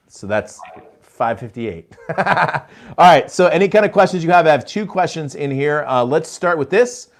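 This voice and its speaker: Chatty man hosting a live show. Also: on the high side. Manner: friendly, chatty, says "man" and "dude". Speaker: podcast host.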